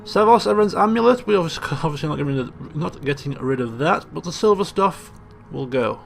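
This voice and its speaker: Guy doing let's play commentary, kinda high and gravelly, chatty, game music faint under him. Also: expressive, a little fast. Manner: chatty, joking asides. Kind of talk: casual gameplay commentary.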